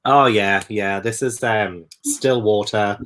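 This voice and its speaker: A man's voice: on the low side, fairly even intonation, slow, a bit bright. A man hosting a book chat stream, gushing effusively and laughing a lot. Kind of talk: casual chat.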